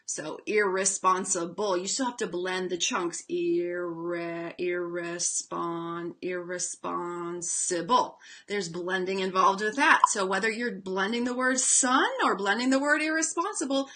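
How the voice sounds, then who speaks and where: Bright-voiced woman teaching reading. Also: medium pitch. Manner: chatty, demonstrates sounds slowly, frequent fillers. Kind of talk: instructional webinar talk.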